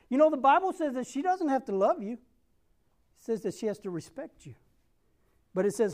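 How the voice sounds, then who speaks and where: A man's voice: very high-pitched, lively intonation, brisk, pauses often, a little mellow. A middle-aged man preaching a sermon, earnest and emphatic, repeating key phrases and calling out to the congregation. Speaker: pastor.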